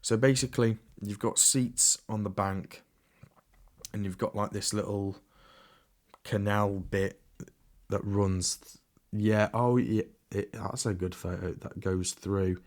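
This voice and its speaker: Rambling low-voiced man, dry sound. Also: fairly even intonation, takes it slowly, a little mellow, no room sound. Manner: rambling, with frequent restarts and asides. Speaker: podcast host. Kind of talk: casual solo podcast chat.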